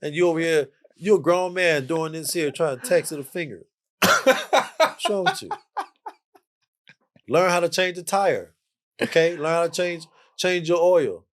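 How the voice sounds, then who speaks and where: A man's voice: fairly high pitch, normal speed. A man, lecturing in a playful way as a podcast guest and asking "okay?" between points. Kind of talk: casual chat.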